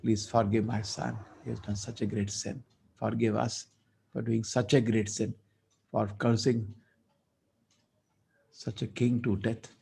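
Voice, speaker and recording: A man voicing a calm, gentle old sage who speaks softly and pleads with quiet sorrow. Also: on the low side, a little slow, gravelly, pauses often, breathy edge, full character voice. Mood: pleading. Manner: soft, peaceful, pleading.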